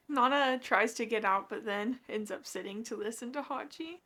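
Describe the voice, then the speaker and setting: A woman's voice: fairly high pitch, normal speed, sharp tone. A woman book vlogger casually recapping a manga she is reading, with gushing, emotional reactions.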